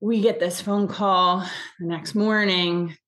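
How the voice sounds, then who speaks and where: A woman's voice: lowish voice, steady tone, slow, a bit bright. A young adult woman telling a personal story in a rambling, casual way, with many restarts and fillers, and getting choked up at times.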